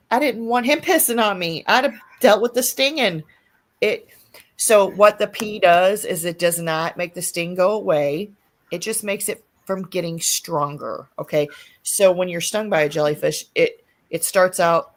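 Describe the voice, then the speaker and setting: Woman host, lower range, blunt profane storyteller for casual stream chat. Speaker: livestream host. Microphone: streaming setup mic.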